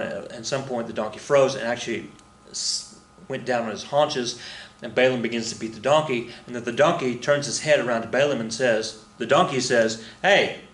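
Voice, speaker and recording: A man's voice: medium pitch, echoey room. A man teaching a casual recorded history lesson, chatty and rambling, with lots of fillers, restarts and joking asides.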